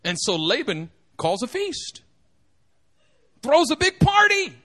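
A man preaching a sermon, animated and joking, acting out the quotes. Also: extremely high pitch, takes it slowly. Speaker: pastor.

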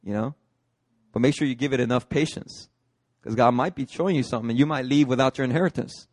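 A man's voice: medium pitch, quick pace, no echo. A man preaching a sermon. He tells a story with lots of energy and acts out the characters with voices he puts on. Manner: animated, acts out movie characters with put-on voices. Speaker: pastor. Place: church hall, dry sound.

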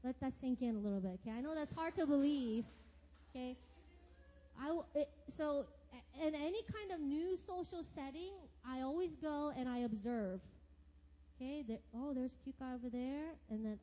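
Woman, church speaker, personal testimony, animated, reverberant hall, dull lo-fi sound. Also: high-pitched. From United States. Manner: animated, acts out her own past reactions. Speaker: church leader sharing testimony.

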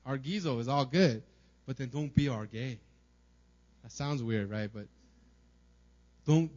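A man's voice: mid-range voice, a little mellow, highs cut off. A man preaching a sermon in a casual, conversational way, often tagging "right?" and muttering little acted quotes. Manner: acts out small everyday quotes in muttering asides. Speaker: pastor.

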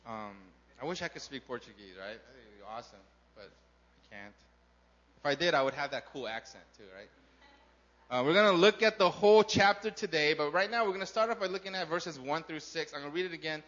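A man's voice: fairly high pitch, lively intonation, a little fast, a bit bright, dull audio. A man preaching a sermon to his congregation, talking casually and often asking the crowd questions. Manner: conversational, asks the crowd questions. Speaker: pastor. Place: church in Korea.

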